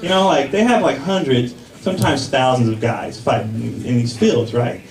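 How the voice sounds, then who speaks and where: A man performing a live stand-up set on a comedy club stage, telling stories loudly and acting out voices into a handheld mic. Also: mid-range voice, normal speed. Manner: loud, animated storytelling with acted-out voices. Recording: live club crowd and noise.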